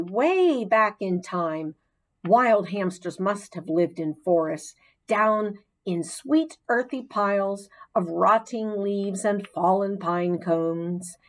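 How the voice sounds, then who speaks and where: A woman narrating a children's storybook in an expressive, gently dramatic way. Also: medium pitch, slow pace, rough recording. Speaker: audiobook narrator.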